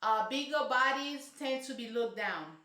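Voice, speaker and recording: A woman's voice: high voice, lively intonation, a little slow, bright, forceful tone. A woman reviewing a reality show in casual, sassy, emphatic commentary full of slang. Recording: roomy echo.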